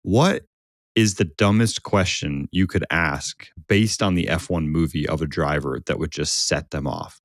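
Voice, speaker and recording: A man's voice: rumbling low, a little slow, dry recording, clean studio sound. A man from the US co-hosting a podcast, joking loosely and chatting with frequent asides. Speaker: podcast co-host. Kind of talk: casual podcast chat.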